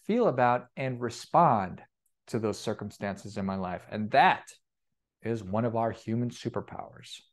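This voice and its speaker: A man coaching on personal finance in an upbeat, energetic motivational talk, often repeating himself and restarting phrases. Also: mid-range voice.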